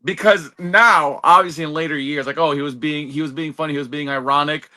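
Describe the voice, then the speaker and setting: A man co-hosting a casual podcast, excitable and chatty, saying dude and bro a lot. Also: a little high, a little fast. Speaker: podcast co-host. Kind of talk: casual chat.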